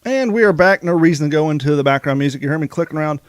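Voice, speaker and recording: A man's voice: a little high, lively intonation, racing, clear, resonant tone, no room sound, clean studio sound. A man co-hosting a podcast, talking casually and rambling with frequent restarts. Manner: rambling, self-interrupting. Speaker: podcast co-host.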